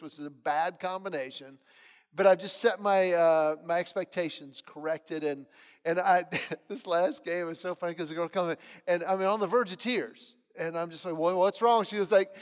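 A middle-aged man preaching a sermon, telling stories in an animated way and acting out the voices of others. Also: sits high, clear, resonant tone. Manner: storytelling, animated, acts out voices in anecdotes. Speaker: pastor. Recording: long hall reverb.

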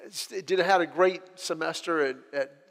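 High-voiced middle-aged man in a reverberant hall. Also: moderate pace, gravelly. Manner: animated, self-deprecating, restarts phrases. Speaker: speaker sharing a personal testimony. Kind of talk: humorous personal storytelling.

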